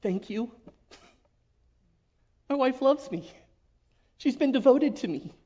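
High-voiced man giving an earnest church testimony. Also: lively intonation. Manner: earnest, halting, often drops to a hush. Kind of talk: emotional personal testimony. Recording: dull lo-fi recording.

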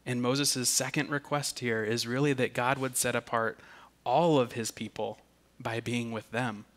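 Guy preaching a sermon real slow, steady middle pitch, repeats words on restarts. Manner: slow and deliberate, with emphatic restarts. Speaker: pastor.

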